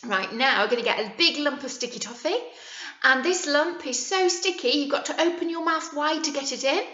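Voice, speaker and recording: High, playful nursery teacher. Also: female voice, brisk. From England. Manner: playful, animated, coaxing. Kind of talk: video lesson for small children. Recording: echoey, slightly muffled room recording.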